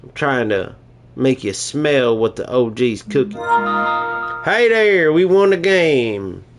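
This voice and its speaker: A man's voice: medium pitch, a little slow, faint music behind, close to an everyday voice. A man putting on a jokey English-bloke voice, chummy and hammy, dropping "mate" into his lines. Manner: says "mate" a lot, hammy.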